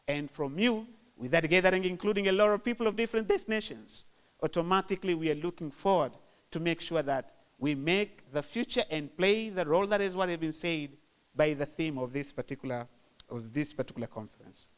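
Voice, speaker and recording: Official opening a conference, smooth clear voice, halting delivery with fillers. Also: male voice, on the high side. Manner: halting, with many fillers and repeated phrases. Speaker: government official giving opening remarks. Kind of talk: formal ceremonial speech.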